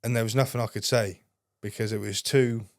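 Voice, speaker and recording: A young man spins a long, rambling anecdote as a podcast guest, cursing at nearly every turn. His voice sits fairly low. The sound is close and dry, with no room around it. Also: fairly even intonation, brisk, dry recording. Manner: heavy swearing, rambling anecdotes. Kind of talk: casual storytelling.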